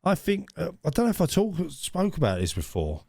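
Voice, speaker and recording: A man's voice: a little high, huge pitch swings, a little fast, gravelly, a little mellow, no echo. A man co-hosting a podcast, chatting casually and telling a story with many restarts and ums. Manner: hesitant, many restarts and ums, bursts of surprise. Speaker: podcast co-host.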